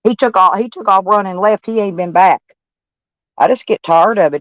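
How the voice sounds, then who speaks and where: At normal speed and medium pitch, an older woman chats casually to camera about her day as a van-life vlogger. Her rambling is blunt and profane, and the recording sounds dull and dry.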